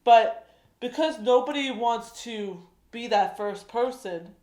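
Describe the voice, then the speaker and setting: A woman's voice: a little high, slow, a little mellow. Earnest woman in an echoey room. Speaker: podcast co-host. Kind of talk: casual chat.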